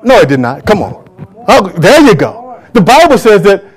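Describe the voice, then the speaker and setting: High-voiced emphatic preacher man. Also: sing-song, moderate pace, breathy edge. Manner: emphatic preaching with call-and-response. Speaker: pastor. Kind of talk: sermon. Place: church before a congregation.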